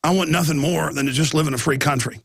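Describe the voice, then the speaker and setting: A man's voice: fairly high pitch, steady tone, fast talker, creaky, a bit bright, husky, no echo, studio quality. A man hosting a talk radio show, rambling and agitated with many restarts, talking through a chest cold with coughing.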